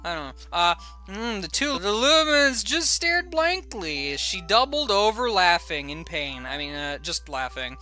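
Brief: male streamer, jokey asides, reads story text aloud, unhurried delivery, bright timbre. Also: high-pitched, lively intonation, soft background music. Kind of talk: game stream commentary.

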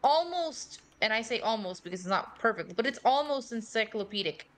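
A woman streaming a game with friends, telling stories in an excitable, animated way and swearing freely. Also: fairly high pitch, fairly quick, soft background music. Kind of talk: casual gaming chat.

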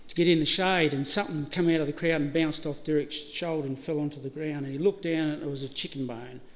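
A middle-aged Australian man delivers a eulogy with a slightly high voice, fairly even intonation, and a quick pace. Laughing as he goes, he shares funny stories and acts out the dialogue, his words echoing around a funeral service hall with faint background noise.

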